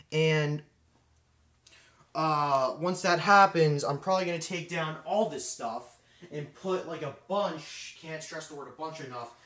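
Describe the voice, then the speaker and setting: Rambling male hobbyist on a live stream, fillers and asides, slightly raised pitch, echoey room sound. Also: a bit bright. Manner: rambling, filler-heavy, thinking aloud. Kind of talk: casual live stream chat. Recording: roomy echo.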